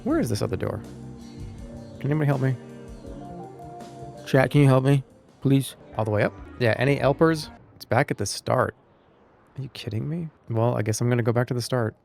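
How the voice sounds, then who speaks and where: A man's voice: medium pitch, fairly quick, gravelly, pauses often, a little mellow, faint music behind. A man streaming a video game, chatting loosely with his audience in a rambling, joking way. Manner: rambling, jokey, talks to chat. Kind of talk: live gaming commentary.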